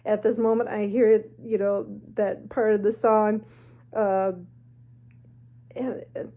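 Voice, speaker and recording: A woman telling a spooky personal story in a chatty, animated way with snarky asides. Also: medium pitch, slow, pauses often, highs cut off. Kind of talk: casual storytelling.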